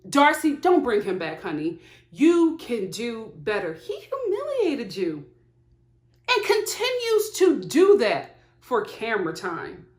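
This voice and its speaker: A woman giving a casual, animated recap of a reality TV episode, laughing often and talking back to the screen. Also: a little high, slow pace. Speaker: TV show reviewer. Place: home filming setup. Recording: echoey room.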